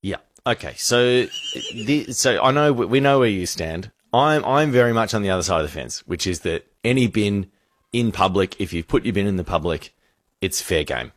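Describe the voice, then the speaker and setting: Deep-voiced radio storyteller man. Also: normal speed, dry recording. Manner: animated storyteller, acts out voices. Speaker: radio host.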